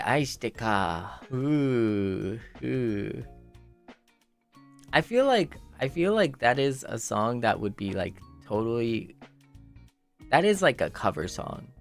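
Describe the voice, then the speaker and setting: A man's voice: mid-range voice, creaky. A man chatting casually on his livestream in a playful, rambling way, full of "like" and repeated phrases.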